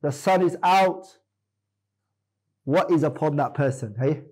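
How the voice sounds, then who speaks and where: Mellow, husky man quizzing his students. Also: on the high side, measured pace, rough recording. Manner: questioning, corrects students firmly. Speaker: Islamic teacher. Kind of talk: classroom lesson quizzing students.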